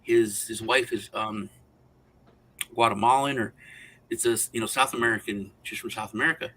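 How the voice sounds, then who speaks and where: A man's voice: mid-range voice, steady tone, normal speed, bright, forceful tone, a little hiss or hum, rough recording. Man rambling through a story. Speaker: co-host. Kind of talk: casual roundtable chat.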